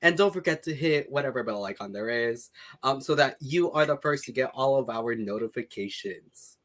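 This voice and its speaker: A man co-hosting a podcast in casual chat, agreeable and quick to confirm points. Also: medium pitch, expressive, fairly bright tone. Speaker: podcast co-host.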